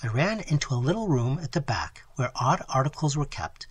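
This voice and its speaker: A man reading a gothic novel aloud in a dramatic, expressive style, his voice strained from long sessions. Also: medium pitch, a little fast, a little hiss or hum. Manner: dramatic, animated storytelling. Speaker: audiobook narrator.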